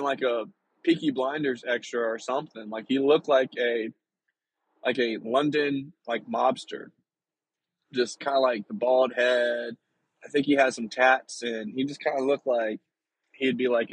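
A man's voice: mid-range voice, slightly rough, low-quality recording. A young man telling a travel story in a casual, rambling way, full of fillers and restarts. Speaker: vlogger.

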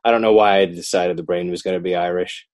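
A man talking casually about his children's book as an interview guest, animated and often breaking off to restart his sentences. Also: low voice, quick pace, dry recording. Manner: animated, self-interrupting, rising emphasis.

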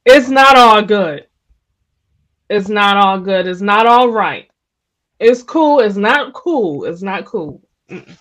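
A woman's voice: medium pitch, lively intonation, slow pace, pauses often, a bit bright, rough recording. A woman co-hosting a casual podcast chat, reacting expressively and asking the discussion questions.

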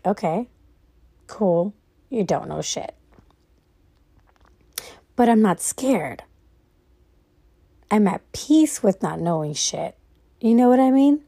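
A woman's voice: mid-range voice, lively intonation, slow pace, pauses often, mellow. A woman lying in bed at night, rambling casually through her own thoughts in a reflective monologue and swearing freely.

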